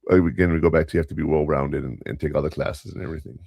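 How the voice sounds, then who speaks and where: Very deep-voiced blunt male host. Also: steady tone, very fast, creaky, darkish tone, breathy edge, no echo, clean studio sound. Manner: blunt, lecturing, plain-spoken. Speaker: podcast host. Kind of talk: casual radio talk.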